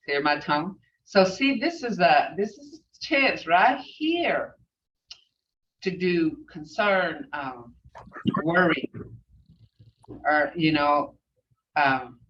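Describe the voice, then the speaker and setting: A woman's voice: lowish voice, a bit bright, far from the mic, muffled recording. A woman teaching a language class online, rambling with many fillers and repeating phrases.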